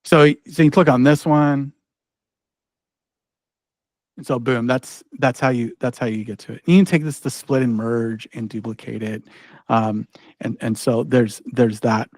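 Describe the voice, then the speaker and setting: A man leads an online teaching workshop in a loose, chatty way, peppering his talk with "like" and "right?" and restarting sentences as he clicks through a demo. His voice sits at an ordinary middle pitch. It is picked up dry and close on a computer mic, with no room sound. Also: fairly even intonation, a little slow, darkish tone, no echo. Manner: casual, chatty, full of "like" and "right?", frequent restarts. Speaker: ed-tech trainer presenting a workshop.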